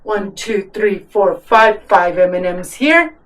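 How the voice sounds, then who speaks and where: A woman's voice: medium pitch, expressive, slow, far from the mic, poor audio. A woman teacher patiently explaining a math problem step by step for children, counting aloud.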